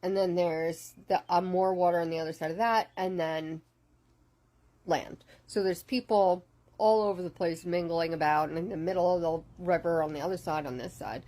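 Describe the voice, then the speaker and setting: Woman, lowish voice, rambling casual storytime, lots of fillers. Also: fairly even intonation, moderate pace, warm tone.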